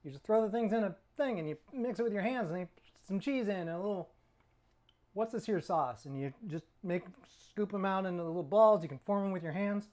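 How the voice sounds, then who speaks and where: Here a middle-aged California man, expressive and a little fast, hosts his own relaxed cooking vlog with a high, slightly mellow voice. He wanders chattily, jokes about himself, and now and then talks while eating.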